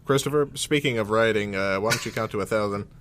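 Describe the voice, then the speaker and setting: A man's voice: fairly low pitch, fast talker, a bit bright, slight background noise. A man co-hosting a casual comedy podcast, teasing his friends dryly and steering them into the next segment. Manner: dry, teasing, steers the show. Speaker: podcast co-host.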